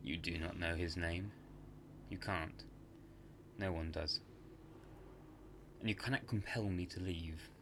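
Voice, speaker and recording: A man's voice: low-pitched, fairly even intonation, slow, long pauses, background noise. A man voicing a sly, mocking male demon who taunts a priest in a spoken horror story. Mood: defiant.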